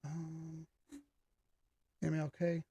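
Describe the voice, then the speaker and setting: A man's voice: on the high side, monotone, drawn-out words, warm tone, breathy edge, no echo. A man hosting a casual livestream about charts, loose and joking as he reads chat, his voice strained and starting to crack. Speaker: host of a live chart analysis stream.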